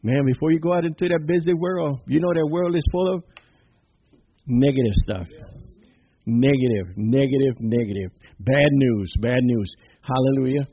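A man's voice: mid-range voice, moderate pace, husky, muffled recording. A man preaching an informal, exuberant sermon, peppering his talk with amens and little laughs.

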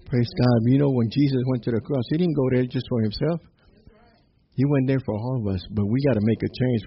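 A man preaching a lively, joking sermon, breaking into song and shouting out Bible verses. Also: medium pitch, highs cut off, a little hiss or hum.

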